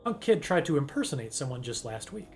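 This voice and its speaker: A man voicing a gruff, folksy office worker on a phone call, drawling and calling the caller girl. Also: mid-range voice, big pitch swings, a little fast, music in the background.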